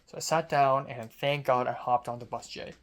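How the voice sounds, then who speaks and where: A man's voice: mid-range voice, fairly even intonation, normal speed, a bit bright. A young man from Hong Kong telling a story in a casual, rambling way, with self-mocking asides and casual swearing.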